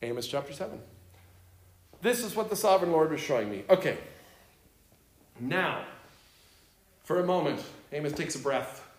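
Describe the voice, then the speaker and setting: A man's voice: a little high, animated, normal speed, long pauses. A man explaining scripture to a group in a conversational way, asking them rhetorical questions. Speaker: Bible teacher. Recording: roomy echo.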